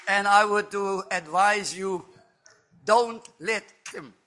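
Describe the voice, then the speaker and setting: A man's voice: high-pitched, bright, forceful tone, slight background noise. An older man giving an earnest, emphatic testimony in a church service. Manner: earnest and emphatic, with slow deliberate phrasing. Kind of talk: sermon testimony.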